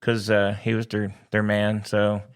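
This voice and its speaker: A man co-hosting a casual sports podcast, talking in an animated, joking way with frequent restarts. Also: lowish voice, a little slow, clean tone. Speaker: podcast co-host.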